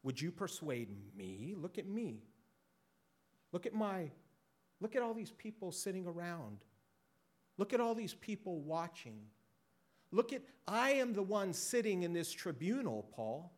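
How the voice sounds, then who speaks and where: A man voicing a proud, dismissive ancient king in a sermon, scoffing and boasting loudly. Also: high voice, very animated, a little slow, voice pushed up, full character voice. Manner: proud and scoffing, rising and loud.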